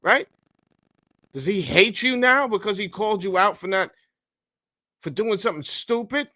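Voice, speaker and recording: A man's voice: sits high, expressive, normal speed, pushed and bright. A man hosting a podcast, giving blunt, heated commentary full of profanity while reading from a bill. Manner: heated, blunt and profane, says bro a lot. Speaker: podcast host.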